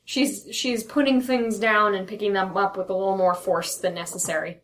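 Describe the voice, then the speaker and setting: A woman's voice: mid-range voice, steady tone, normal speed. A woman running a tabletop role-playing game as game master, chatting casually and laughing often between lines.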